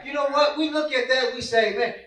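Male preacher, high and bright, conversational and emphatic delivery, echoey hall, distant mic. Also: fairly even intonation, brisk. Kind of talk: sermon.

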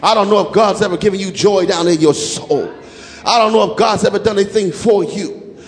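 An older man preaching a sermon as pastor, shouting with rhythmic repetition and chanted phrases. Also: high-pitched, brisk, big-room sound.

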